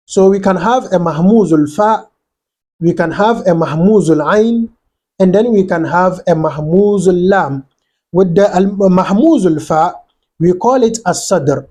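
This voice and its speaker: A man's voice: high-pitched, dark tone. A man teaching an Arabic grammar lesson, reading short lines from a text and explaining them step by step, now and then drilling letter sounds aloud. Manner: reads short quotes then explains them in simple steps.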